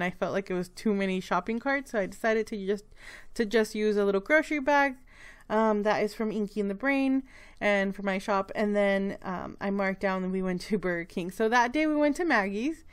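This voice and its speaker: A young woman narrating a planner vlog in a chatty, rambling way, her voice a bit hoarse and breaking. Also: mid-range voice. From Texas. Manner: chatty, rambling, with many fillers and restarts. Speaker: planner vlogger. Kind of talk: casual voice-over narration.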